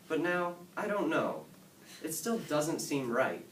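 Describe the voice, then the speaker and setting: A man reading a rhyming picture book aloud in a rhythmic, sing-song way, building excitement as the verses pile up. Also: a little high, a little slow, heavy background noise. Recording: echoey room from far off, faint ambience.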